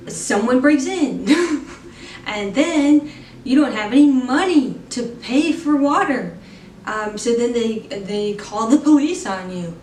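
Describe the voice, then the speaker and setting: Casual woman reviewer, slightly high, rambling filler-heavy recap, roomy echo, mic set back. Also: distant mic, a little hiss or hum. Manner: chatty, many fillers, laughs often. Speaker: movie reviewer. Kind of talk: casual spoken film review.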